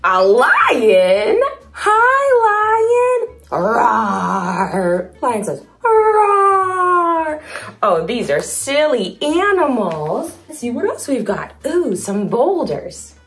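A young woman hosting a toddler video, talking slowly in a bouncy, playful sing-song with toy sound effects. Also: fairly high pitch, big pitch swings.

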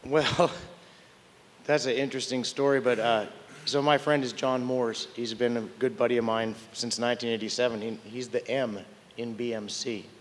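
An older man speaks on a conference panel, telling candid, wry stories about his career and often stopping to restart a sentence. His voice sits at a middle pitch. The sound has the long reverb of a large hall. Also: little pitch movement, moderate pace, slight background noise. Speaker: tech panelist.

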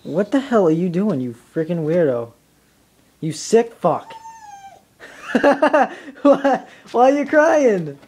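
A man in a casual home video, teasing his dog with repeated shouted questions and swearing. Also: sits high, sing-song, takes it slowly, a little hiss or hum. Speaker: dog owner.

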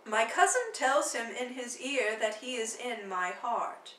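Ruolo: lettrice che interpreta una nobildonna arguta e pungente, voce acuta, stanza riverberante e microfono lontano. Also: female voice, on the high side, big pitch swings, fairly bright tone, roomy sound, distant mic, a little hiss or hum, poor audio. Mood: teasing. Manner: quick, teasing banter. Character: witty, sharp-tongued noblewoman, mocking suitors. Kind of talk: dramatic play reading. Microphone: phone livestream.

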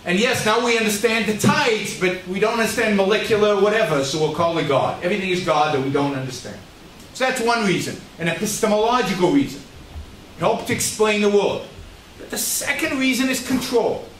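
A man with a high voice lectures a live audience. He is emphatic, hammers his points by repeating them, and asks the room questions. The sound is roomy and distant, with faint noise behind him. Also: a little fast, a bit bright. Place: event hall in Shanghai.

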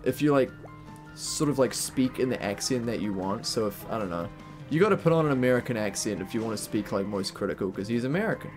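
A man's voice: mid-range voice, lively intonation, quick pace, a little mellow, faint music behind. Rambling New Zealand streamer guy. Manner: rambling, laughing, swearing casually. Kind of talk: casual live-stream gaming chat.

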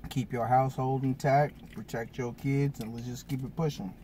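A man's voice: medium pitch, fairly even intonation, moderate pace, mellow, slight background noise. A man hosting a casual food review mukbang, talking in slangy, hyped greetings to his viewers.

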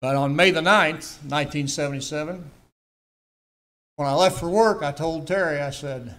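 A man's voice: on the high side, normal speed, pauses often, a bit bright. An older man, giving a personal testimony in church, telling his story earnestly with emphatic repetitions.

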